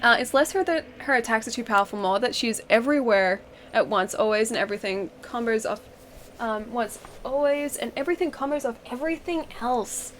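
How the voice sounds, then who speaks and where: A woman game streamer talks in a fairly high, bright voice, full of giggles and loose tangents. She chats casually with her viewers from home, with a faint hum behind her. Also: a little fast. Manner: giggly, chatty, rambling. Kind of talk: casual live-stream chat. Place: home, wrapped in a blanket.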